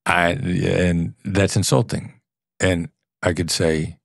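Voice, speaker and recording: A man with a very low, deep voice talks through his ideas in an earnest, explanatory way, now and then demonstrating tones of voice. The sound is dry and close, with no room echo. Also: little pitch movement, slow, gravelly, slightly rough. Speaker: podcast guest, former FBI negotiator. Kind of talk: conversational interview.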